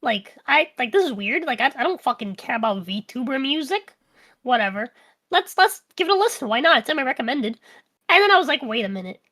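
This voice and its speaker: Woman guest, casual and profane, bright and animated delivery. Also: high-pitched, brisk. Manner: swears freely, playful, slips into mock voices. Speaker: VTuber guest. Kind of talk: casual podcast chat.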